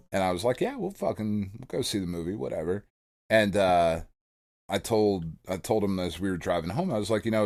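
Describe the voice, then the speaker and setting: Animated, swearing male podcast co-host. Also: fairly low pitch. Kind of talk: casual chat.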